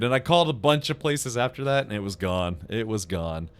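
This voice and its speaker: A man's voice: mid-range voice, animated, quick pace, few pauses. A man hosting a casual game stream, with a mid-range voice. He rambles from one story to the next and breaks into laughter often, reading chat as he goes.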